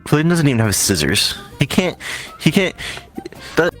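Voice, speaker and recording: A man co-hosting a live-streamed chat show, talking in loose, rambling bursts. He laughs often, and his voice leaps up high when he gets excited. Faint music plays quietly underneath. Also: moderate pace. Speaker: co-host.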